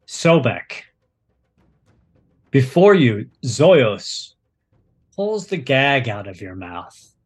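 A man narrating a tabletop game as game master, unhurried and descriptive. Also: mid-range voice.

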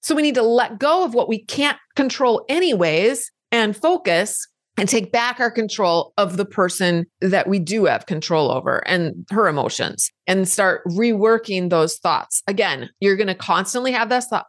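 A woman's voice: mid-range voice, animated, normal speed, dry recording, clean studio sound. A middle-aged woman hosting a podcast, answering listener questions in a direct, conversational advice style with emphatic repetition. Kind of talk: live Q&A advice talk.

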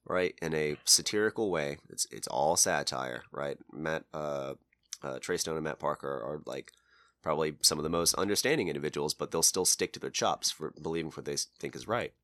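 A man co-hosting a podcast, speaking calmly and analytically, explaining his views in casual chat. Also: extremely low pitch, a little fast, no echo. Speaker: podcast co-host.

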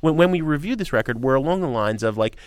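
An opinionated male music critic co-hosting a radio show, his pitch jumping all over as he hammers his points home. He talks in emphatic bursts with sarcastic asides, close on a dry studio mic. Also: lively intonation, quick pace, smooth, no room sound. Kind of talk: animated opinionated chat.

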